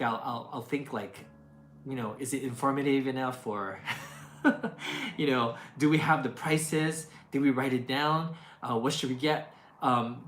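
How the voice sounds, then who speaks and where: A woman's voice: a bass voice, a little hiss or hum. A woman who makes food videos, chatting casually and answering questions, with lots of fillers, restarts and laughs. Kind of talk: casual Q&A chat. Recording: echoey room, faint music behind.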